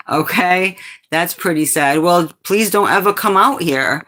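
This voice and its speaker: Woman, from New England, low sultry voice, sassy, answers chat, casual livestream. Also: measured pace, fairly bright tone. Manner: sassy, talks back to chat comments. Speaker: livestream host.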